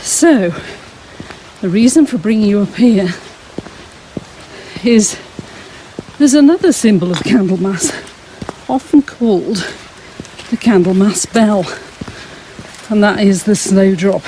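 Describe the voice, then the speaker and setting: A woman leading a Sunday school walk, giving a gentle, reflective talk outdoors while slightly out of breath. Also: medium pitch, expressive, slow pace, pauses often, a little hiss or hum, poor audio. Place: outdoors on a frosty hillside walk.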